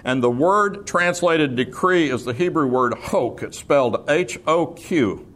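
A man's voice: a little high, expressive, a little slow, fairly bright tone. A man preaching an expository sermon, explaining terms patiently, repeating key words and slipping in dry humor. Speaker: preacher teaching scripture.

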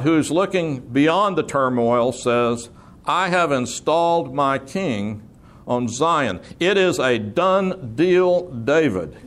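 A man preaching an expository sermon, explaining terms patiently, repeating key words and slipping in dry humor. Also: fairly high pitch. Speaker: preacher teaching scripture.

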